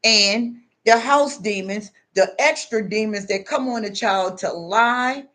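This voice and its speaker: An older woman tells a story in a spiritual monologue, acting out the quoted voices with big pitch jumps. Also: slow, fairly bright tone. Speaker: spiritual speaker.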